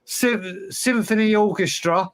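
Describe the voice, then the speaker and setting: A man's voice: high-pitched, slow pace, crowd noise. A man co-hosting a podcast, telling a rambling, wry story in casual chat. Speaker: podcast co-host.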